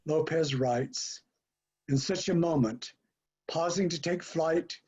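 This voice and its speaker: A man on a panel reading a prepared essay aloud in a measured, deliberate way. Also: fairly high pitch, darkish tone, husky, highs cut off.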